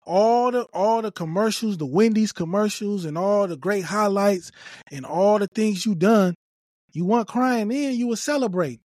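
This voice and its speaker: A man's voice: high voice, normal speed, a little mellow, no echo, clean studio sound. A man giving emphatic, repetitive opinion commentary on a video clip, scolding and lecturing.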